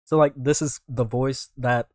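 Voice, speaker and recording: A young man from North Carolina hosting casual reaction commentary, rambling and self-correcting with sudden loud outbursts. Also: medium pitch, steady tone, measured pace, no echo, clean studio sound. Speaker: YouTube reaction host.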